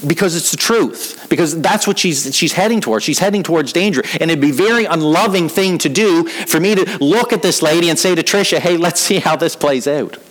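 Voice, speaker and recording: Speaking briskly with few pauses in a fairly high-pitched voice, a middle-aged pastor preaches with earnest conviction. He often repeats words to build a point, and the recording is low quality.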